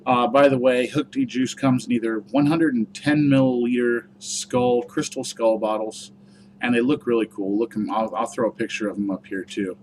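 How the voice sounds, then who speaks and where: A man's voice: mid-range voice, steady tone, moderate pace, darkish tone, slight background noise. A man giving a casual, rambling review vlog, chatty and full of fillers. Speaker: product reviewer.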